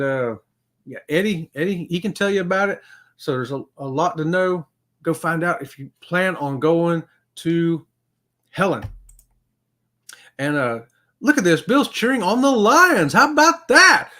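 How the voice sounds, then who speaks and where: A middle-aged man hosts a casual livestream chat, his voice a touch high for a man. He reads viewer comments in a folksy, upbeat style, regularly dissolving into chuckles.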